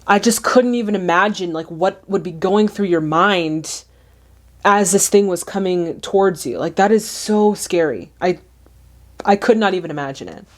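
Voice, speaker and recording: A woman's voice: fairly low pitch, moderate pace. Chatty woman reacting to a movie. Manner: animated, exclaiming, chatty.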